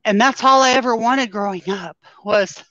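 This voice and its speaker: A woman guest telling a personal story in a halting way, full of ums, her voice scratchy after surgery. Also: a little high, fairly bright tone, no echo. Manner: halting, with many ums and pauses. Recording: dull, lo-fi sound.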